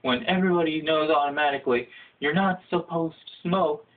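A young man telling a comedic, profane story in a casual ranting way, jumping into high shouted voices for the people he quotes. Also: fairly quick. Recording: phone-like lo-fi audio.

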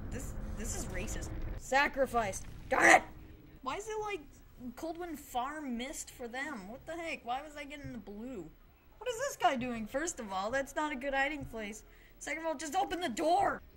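A high-voiced woman commentates on her own game play from a home desk mic. She is excitable and quick to plead or cry out, and a faint hiss sits under her voice. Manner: excitable, frequent exclamations and pleading. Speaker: gaming channel host.

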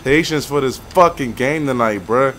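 A young man swearing and venting through gameplay commentary, with loud outbursts that sink into low, weary muttering. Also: normal speed, soft background music. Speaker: gaming YouTuber.

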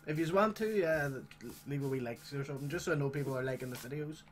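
A man hosting a gaming channel, chatting casually and swearing excitedly as he plays a game. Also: fairly high pitch, fast. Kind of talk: casual gameplay commentary.

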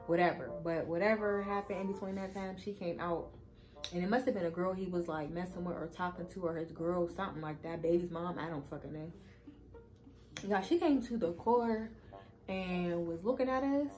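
A woman's voice: fairly low pitch, fairly even intonation, normal speed, darkish tone, soft background music, poor audio. A woman telling a casual storytime to her viewers, chatty and swearing freely as she talks to them. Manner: chatty, cursing freely, addresses viewers as y'all. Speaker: vlogger.

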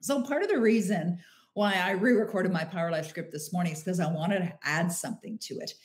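A middle-aged woman hosting a motivational live stream, answering listener questions warmly and slowing down to stress key phrases. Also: on the low side. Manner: warm, emphatic, slows down on key phrases.

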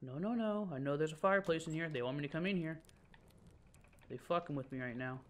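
A man's voice: a little high, quick pace. Jumpy, cursing young man playing horror. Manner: profane, jumpy, jokey running commentary; swings between loud outbursts and nervous mutters. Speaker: let's play gamer. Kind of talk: horror game commentary.

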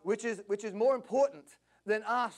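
A man preaching a passionate sermon at a church service, climbing to near-shouts. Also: high voice, moderate pace. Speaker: pastor.

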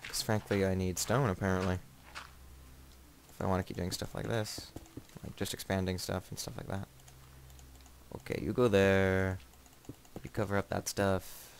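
Young male gamer, slightly low voice, rambling joking commentary, startles easily. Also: flat delivery, normal speed, creaky, pauses often, a little hiss or hum. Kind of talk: casual let's play commentary.

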